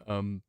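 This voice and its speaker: The recording is dry and clean, with a studio sound. A game streamer from New Zealand, speaking with a Kiwi accent, rambles playfully through casual chat, thinking out loud with lots of fillers while he plays and responds to chat.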